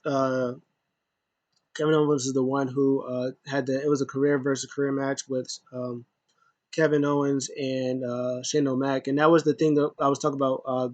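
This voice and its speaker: A man's voice: medium pitch, level tone, normal speed, dry recording, muffled recording. A man giving a loose, rambling casual recap as a wrestling show reviewer, full of asides.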